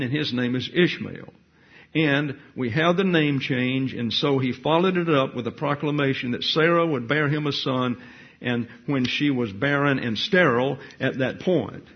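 A man teaching a Bible study in sermon style, reading scripture aloud with deliberate emphasis. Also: mid-range voice, husky, muffled recording.

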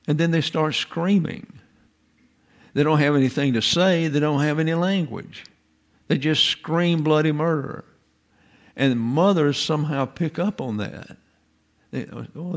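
A man giving an informal lecture in a folksy, digressive way, full of rhetorical questions. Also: fairly high pitch.

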